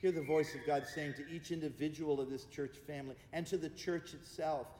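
A man preaching a sermon as pastor, speaking with emphatic repeated refrains and easing into hushed, slow prayer. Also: a little high, steady tone, slight background noise. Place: church sanctuary. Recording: echoey church hall with long reverb.

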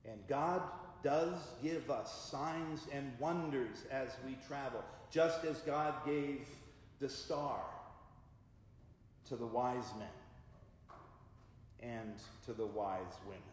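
A male pastor delivering a sermon at an unhurried, deliberate pace. His voice echoes strongly through a large church with a long reverb. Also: medium pitch, a little hiss or hum. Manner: measured, deliberate preaching.

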